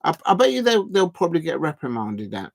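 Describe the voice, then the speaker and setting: A man's voice: fairly high pitch, wildly swooping pitch, fairly quick, gravelly, a little mellow. A man, chatting casually on a live football watch-along stream, rambling and drawing out words as he types.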